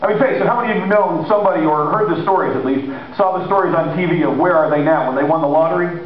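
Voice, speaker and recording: A man preaching a sermon in a conversational, animated way, acting out the people he quotes. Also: fairly high pitch, racing, slight background noise. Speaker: pastor. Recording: echoey hall, distant mic, lo-fi.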